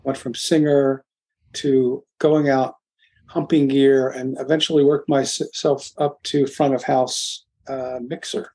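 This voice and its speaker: An older man from Philadelphia, a guest in an interview, telling his story in a rambling, halting way with many restarts. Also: medium pitch, level tone, dark tone, husky. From Philadelphia, USA. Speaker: guest, music producer.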